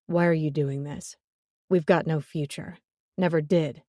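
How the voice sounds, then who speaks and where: A woman voicing a gruff, sullen bearded man with a hurt hand, speaking curtly in an audiobook. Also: low voice, steady tone, a little slow, dark tone, no echo, studio quality. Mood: angry. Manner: growling, curt, sullen. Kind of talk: audiobook character voice.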